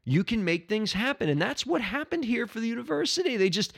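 A male podcast host in a casual solo episode, short of breath and excitable. His voice sits high, and he keeps breaking from easy chat into loud shouting. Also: a little fast, creaky. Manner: excitable, bursts into shouting and chanting.

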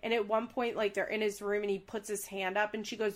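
A woman's voice: mid-range voice, fast. A young woman co-hosting a casual podcast chat, recapping a reality show and acting out quotes with big voices. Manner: animated, acts out quotes with big voices and laughs. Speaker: podcast co-host.

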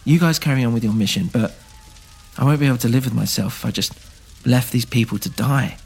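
A man's voice: a little fast, gravelly, a little mellow, husky, faint music behind. A man voicing an indignant young healer who speaks emphatically in a raised voice in a scripted audio drama. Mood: pleading. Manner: outraged, raised pitch, emphatic.

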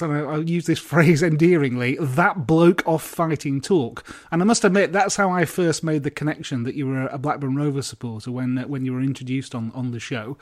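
An older man from East Lancashire hosts a podcast interview in a fairly high voice. He asks long, rambling questions with frequent uhs and restarts, keeping the tone relaxed. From East Lancashire, England. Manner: hesitant questions with many uhs. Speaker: podcast host. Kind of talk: casual interview chat.

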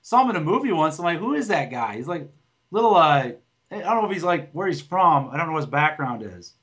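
Very animated and brisk, this man's voice is a little high and a bit bright. As a stand-up comic co-hosting a podcast, he chats casually, blunt and wandering, with heavy swearing and frequent restarts.

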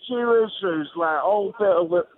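An excitable football fan calling in from a stadium, bragging about his team. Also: high-pitched, normal speed. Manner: excitable, boastful, says "do you know what I'm saying". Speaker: caller. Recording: tinny phone line.

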